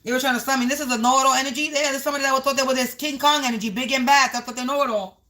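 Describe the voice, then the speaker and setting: Female tarot reader on a livestream; high-pitched, bright tone, repetitive rhyming delivery aimed at the collective. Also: fairly even intonation, very fast. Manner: repetitive, half-rhyming, talks to the viewers as the collective.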